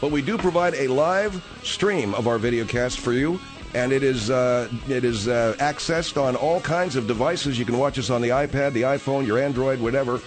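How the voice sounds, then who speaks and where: A man's voice: mid-range voice, normal speed, soft background music. A man hosting a radio talk show, bickering with his co-host and coughing from a tickle in his throat. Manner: exasperated, bickering.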